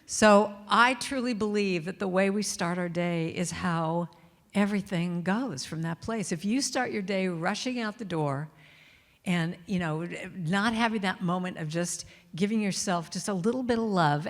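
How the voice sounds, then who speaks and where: A middle-aged woman gives a spiritual talk in a relaxed, conversational way, full of asides and playful emphasis. Her voice is mid-pitched and carries the long reverb of a large church hall. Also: normal speed. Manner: warm, chatty, playful, acts out quotes and sings snippets. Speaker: inspirational speaker and singer.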